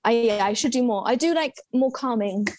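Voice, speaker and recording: A young woman in casual conversation, telling a personal story with lively quoted voices. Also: on the high side, a little fast, over a noisy crowd. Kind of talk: casual chat.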